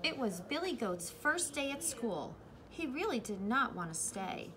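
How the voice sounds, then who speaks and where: A young woman who teaches preschool, reading a picture book aloud to young children in a slow, encouraging way. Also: on the high side, sing-song, crowd noise. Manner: slow, sing-song, encouraging.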